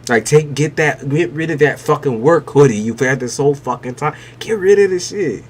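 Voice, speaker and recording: A man's voice: on the high side, lively intonation, normal speed, husky. A man giving a live-stream tarot reading, blunt and emphatic, with heavy swearing. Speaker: tarot reader.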